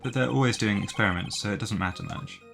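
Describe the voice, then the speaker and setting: A man's voice: on the low side, quick pace, creaky. A man voicing a nervous, lovestruck young male college student while reading game dialogue aloud, hesitant and sheepish. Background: game music.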